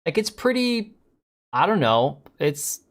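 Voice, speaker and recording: A man's voice: on the high side, big pitch swings, slow pace, a bit bright. A man in his forties hosting a casual live stream, joking sarcastically and answering chat.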